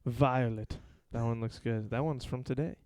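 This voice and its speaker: A man's voice: mid-range voice, fairly even intonation, normal speed, darkish tone. A man hosting a casual podcast chat, blunt and easily exasperated, swearing freely. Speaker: podcast host.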